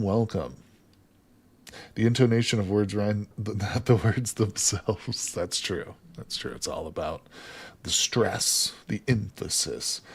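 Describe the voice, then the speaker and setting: A man livestreaming a game, chatting casually with viewers, reading their comments aloud, joking and laughing often. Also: lowish voice. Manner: jokey, laughs often, reads chat aloud. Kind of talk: casual livestream chat while gaming.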